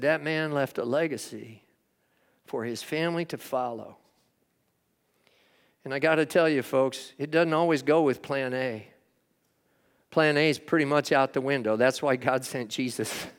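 An older man preaches in earnest, spinning a story from the pulpit. His voice sits at an ordinary pitch and drops to a hush, then lifts with emphasis. A long reverb from a church hall trails each phrase. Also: a little slow, pauses often, clear, resonant tone. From United States. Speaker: chaplain preaching. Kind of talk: sermon.

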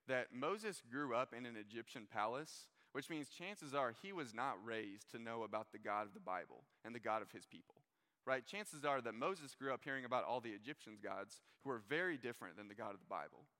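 A young adult man preaching a casual sermon to a live audience in a church hall, talking in a relaxed, conversational way with plenty of fillers. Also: medium pitch, a little fast. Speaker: pastor. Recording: long reverb of a large hall.

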